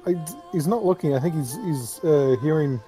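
A man's voice: on the high side, moderate pace, dark tone, soft background music. A man co-hosting a game let's play, rambling and joking in casual chat. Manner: rambling, joking, fillers and restarts.

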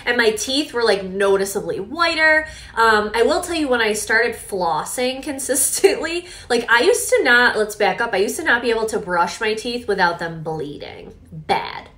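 A woman's voice: a little high, moderate pace, few pauses. Chatty woman telling her story. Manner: chatty, animated, with quoted reenactments. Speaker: vlogger. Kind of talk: casual storytelling vlog.

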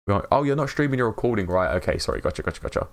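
Man, English accent, low voice, gravelly, chatty live streamer, upbeat. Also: very animated, very fast. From England. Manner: chatty and upbeat, greets chat by name, laughs often. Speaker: game streamer. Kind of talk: casual live-stream chat while gaming.

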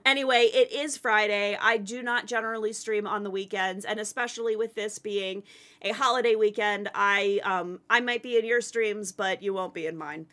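Bubbly, bright-voiced woman streamer. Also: mid-range voice, steady tone, normal speed. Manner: bubbly and chatty, with many fillers. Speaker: game streamer. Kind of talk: casual live-stream chat.

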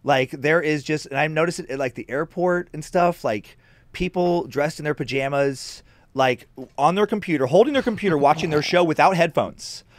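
A man, a guest comedian, in casual podcast chat, animated and swearing freely as he acts out angry outbursts. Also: a little high, normal speed, no room sound.

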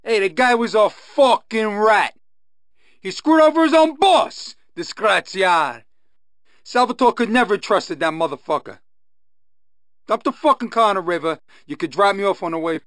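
An actor playing a gruff, hard-nosed mob enforcer in a video game, giving blunt profane orders. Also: male voice, sits high, expressive, normal speed, fairly bright tone, dry recording, clean studio sound. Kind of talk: video game cutscene acting.

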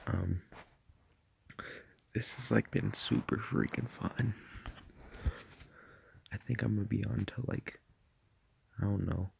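A man's voice: on the low side, fairly even intonation, slow pace, vocal fry, long pauses, darkish tone, breathy edge. A man rambling through a casual vlog from his bed at night, full of fillers and swearing. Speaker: vlogger.

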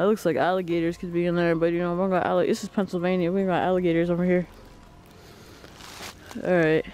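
A vlogger filming on a handheld camera while walking outdoors through woods, with a mid-range voice. The talk is casual and excitable, full of exclamations and calls to the pets, with a faint hiss of noise underneath. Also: mid-range voice.

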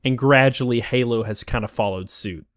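A man's voice: medium pitch, normal speed, dry recording, clean studio sound. A man narrating a scripted game review in a wistful, opinionated way. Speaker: YouTube game critic.

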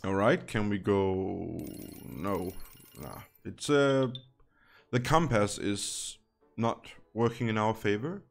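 Low-voiced man doing slot game commentary. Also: takes it slowly, creaky. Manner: chatty, wry asides, thinks aloud while playing. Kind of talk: casual gameplay commentary.

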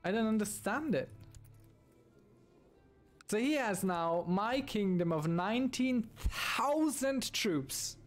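Slow-talking, high-voiced gaming host. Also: male voice, animated, soft background music. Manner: dismayed, groaning and sighing at setbacks; talks to himself while playing. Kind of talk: let's play commentary.

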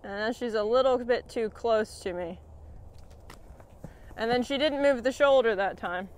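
A woman horse trainer explaining a training session in a calm, encouraging way, often praising her horse. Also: on the high side, unhurried.

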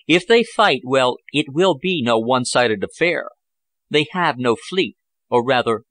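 A man's voice: mid-range voice, fairly bright tone, no echo, natural voice. A man doing Bellamy, hearty confident diplomat. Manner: hearty, expansive explaining.

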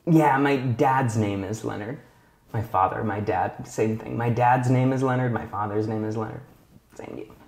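A male English teacher talks to the camera in a patient video lesson, asking simple questions and pausing for answers. His voice sits in the middle range. The room around him gives it a noticeable echo. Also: mid-range voice, a little mellow. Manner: slow, clear teacher talk with frequent check-in questions.

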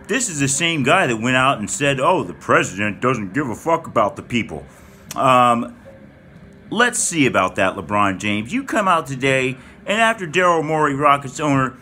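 A man's voice: a little high, expressive, normal speed, sharp tone, slight background noise. A man delivering an angry, profane rant to camera as a political commentator, heated and stumbling over repeated words.

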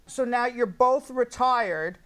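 A man's voice: very high voice, slow, fairly bright tone, clean tone. A man hosting a TV talk show, asking long, rambling, chatty questions. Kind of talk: TV interview.

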